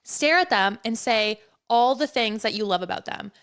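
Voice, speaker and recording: Podcast host lady, candid and chatty, swears a bit, kinda high voice. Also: lively intonation, normal speed, a bit bright, smooth. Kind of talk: casual podcast conversation.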